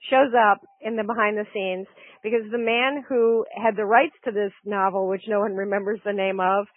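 A woman with a mid-range voice gives calm, dryly critical takes on old movies in a casual podcast chat. Her voice sounds thin and phone-like. The sound is dry. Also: mid-range voice, normal speed, no room sound. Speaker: film discussion co-host. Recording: tinny phone-like line, dry.

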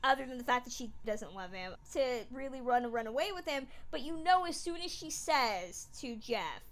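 A high, bright woman's voice rises and falls with lively emphasis as she co-hosts a casual podcast chat about a classic film. She talks in an animated, emphatic way and often laughs as she goes. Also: normal speed. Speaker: podcast co-host.

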